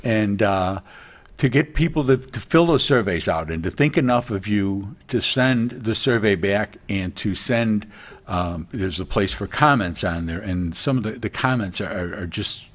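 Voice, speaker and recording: Middle-aged man, lowish voice, earnest rambling realtor guest on a TV chat. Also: expressive, a little slow. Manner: rambling, earnest, many restarts. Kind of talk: casual TV interview chat.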